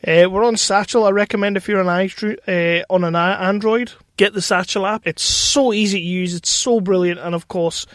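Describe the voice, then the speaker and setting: A British man co-hosts a film podcast, rambling through plugs and jokes with a bit of swearing. His voice sits fairly high. The sound is dry and close to the mic. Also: fairly even intonation, normal speed, hardly any pauses, a bit bright, dry recording. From Britain. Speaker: podcast co-host. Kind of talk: casual chat.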